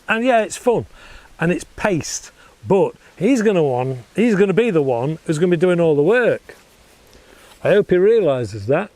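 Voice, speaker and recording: A man from the United Kingdom hosting a casual airgun review, chatty and quick to laugh at himself, partly recorded outdoors in a paddock. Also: high voice, sing-song, a little mellow, dry recording. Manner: chatty, laughs often, self-mocking. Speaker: host.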